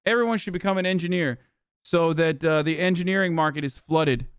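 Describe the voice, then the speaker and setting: A man's voice: fairly high pitch, brisk, clean tone, no room sound, clean studio sound. A man hosting a live stream, reacting to a news clip with heated, blunt and profane commentary. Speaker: streamer host.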